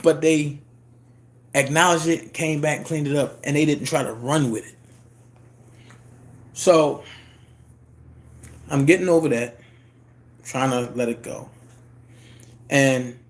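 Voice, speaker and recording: A man, telling a personal story in a casual monologue and jumping into high voices to quote people. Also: slow pace, long pauses. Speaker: YouTube commentator.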